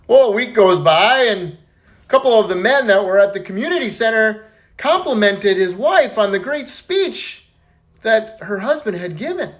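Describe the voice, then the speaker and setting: A man's voice: high voice, lively intonation, moderate pace, fairly bright tone. A man casually telling dirty jokes, laughing at his own punchlines. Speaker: joke teller.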